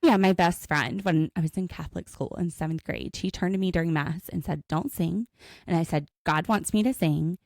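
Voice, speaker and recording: A woman's voice: lowish voice, normal speed, creaky, no room sound. A woman co-hosting a podcast, recapping a reality show in casual chat and acting out the cast's lines as she tells it. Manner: animated storytelling, acts out quotes. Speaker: podcast co-host.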